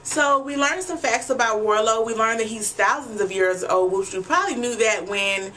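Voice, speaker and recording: A woman's voice: mid-range voice, a bit bright, slight background noise. A woman talking straight to her viewers in a casual recap vlog, blunt and chatty, swearing freely and calling them y'all. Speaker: TV episode recapper.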